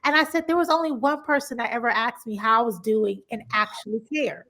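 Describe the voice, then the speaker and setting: A woman's voice: on the high side, a little fast. A woman podcast host from Compton, chatting in a casual interview and telling stories with acted-out quotes. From Compton, Los Angeles. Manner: animated storytelling, acts out quoted voices.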